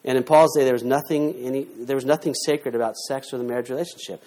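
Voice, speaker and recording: A middle-aged man preaching a sermon, emphatic, with rhetorical questions and sudden swings in loudness. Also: mid-range voice, fairly even intonation, fast talker. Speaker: pastor.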